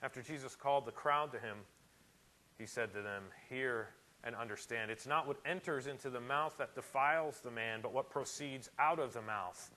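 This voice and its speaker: A man preaching a sermon in a church, animated and emphatic, with sudden loud rises. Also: mid-range voice, moderate pace, rough recording. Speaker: pastor.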